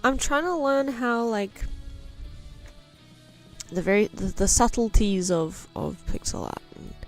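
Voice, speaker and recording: A young woman chats casually on a live stream as she draws, in a mid-pitched, everyday voice. She is self-mocking and often mutters half to herself while working. Faint music plays behind her. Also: expressive, unhurried. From New Zealand.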